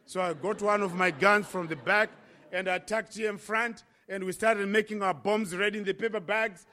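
A man from Africa telling his conversion story as a sermon testimony, impassioned with dramatic pauses. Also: sits high, steady tone, bright, forceful tone. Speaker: preacher.

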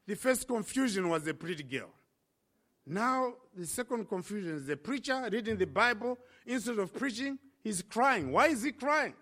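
Bright high-voiced African preacher. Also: male voice. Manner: impassioned storytelling with dramatic pauses. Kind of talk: sermon testimony.

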